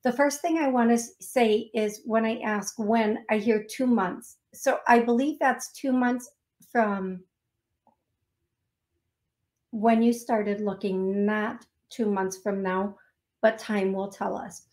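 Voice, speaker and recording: A woman psychic medium giving a call-in reading on a radio show, speaking gently and calling the caller love. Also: mid-range voice, steady tone, unhurried. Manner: soft-spoken, affectionate, calls caller love. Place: radio studio.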